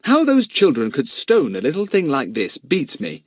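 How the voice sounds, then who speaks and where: A man voicing a kind, firm boy who loves animals, in an earnest, gentle way. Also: a little high, huge pitch swings, moderate pace, no echo, clean studio sound, voice pushed up.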